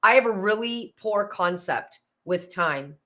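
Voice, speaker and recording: A woman's voice: mid-range voice, lively intonation, unhurried, pushed and bright. A woman chats to her live-stream viewers from home. Her talk is casual and friendly. She drifts off on small tangents before getting to the point. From Pennsylvania, USA. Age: 50s. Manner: chatty, friendly, greets viewers by name, goes off on tangents. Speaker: host of a live decluttering stream. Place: home, indoors.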